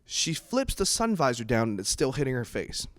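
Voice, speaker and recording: A young man doing a stand-up comedy set. He talks in a casual, profane way and breaks into loud, exasperated outbursts. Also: medium pitch, normal speed. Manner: animated, swings into loud exasperated bursts; profane, conversational.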